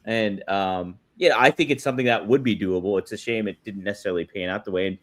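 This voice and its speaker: A man's voice: lowish voice, fast talker. A man co-hosting a live stream, chatting in an easygoing, agreeable way. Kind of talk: casual live-stream chat.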